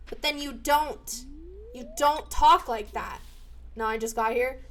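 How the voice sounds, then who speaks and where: A young woman live-streaming while she plays a game. She chats casually, swears freely, and bursts into loud shouts. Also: high voice, measured pace, faint music behind, low-quality recording.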